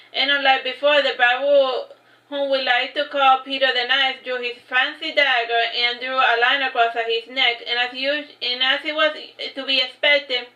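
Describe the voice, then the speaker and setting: A woman with a high, pushed, bright voice reads her own story aloud, stumbling, restarting lines, and using fillers as she goes. The livestream audio is echoey, dull, and lo-fi.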